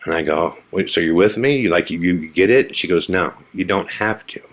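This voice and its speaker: A man with a husky, low-pitched voice tells a story from his past on his podcast. He acts out the lines of the people in it, dropping to a hushed tone for some of them. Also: moderate pace. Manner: animated, acts out quotes in a hushed voice. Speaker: podcast host. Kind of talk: storytelling monologue.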